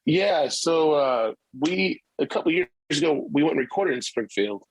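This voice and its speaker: A man's voice: on the high side, expressive, moderate pace, breathy edge, low-quality recording. A middle-aged male musician telling stories in a casual interview, rambling with many restarts. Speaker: musician guest.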